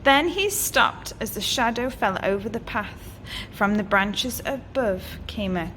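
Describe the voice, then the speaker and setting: A woman teacher reading a picture book aloud to children in a clear, expressive way. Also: medium pitch, slight background noise. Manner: expressive and animated, slow and clear. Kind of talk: storybook read-aloud for children.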